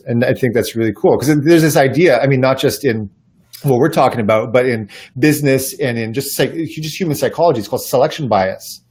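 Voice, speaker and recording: A man's voice: mid-range voice, a little fast, a little mellow, slightly rough. A man guest on a podcast interview, talking in an earnest, reflective way and telling stories, often restarting his sentences. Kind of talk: casual conversational interview.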